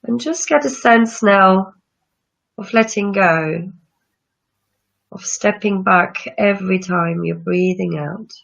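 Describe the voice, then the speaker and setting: Yoga teacher lady talking u thru a breathing meditation, slow n soothing, bit gravelly. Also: medium pitch, a bit bright. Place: room with chairs, not a studio. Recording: dull lo-fi sound.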